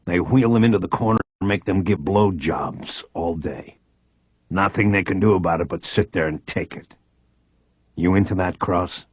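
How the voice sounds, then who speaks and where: A man's voice: sits low, moderate pace, husky, dry recording, dull audio. A man voicing a bullying federal agent who threatens in a sneering way. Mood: menacing.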